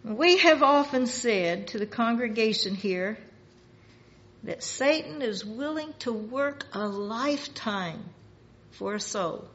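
Woman preacher, slow and deliberate sermon, higher voice, muffled lo-fi recording. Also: animated, a bit bright. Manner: slow, measured preaching that rises for emphasis.

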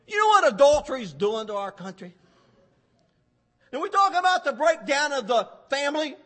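A man preaching a sermon, fervent and with sudden loud emphasis. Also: extremely high pitch.

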